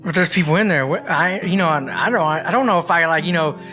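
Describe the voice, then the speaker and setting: A man's voice: fairly high pitch, fast talker, bright, forceful tone, faint music behind. A man co-hosting a casual podcast who tells crude stories in a rambling way, swearing freely and calling people "bro". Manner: laid-back rambling storyteller, says "bro" a lot, swears freely. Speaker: podcast co-host.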